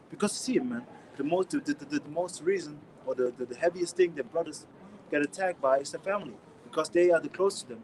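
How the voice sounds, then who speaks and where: German-accented man, street-preacher type, casual scripture talk, slightly high voice, faint noise behind. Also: poor audio. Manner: casual slangy talk with many restarts, reads verses louder. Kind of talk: informal scripture teaching.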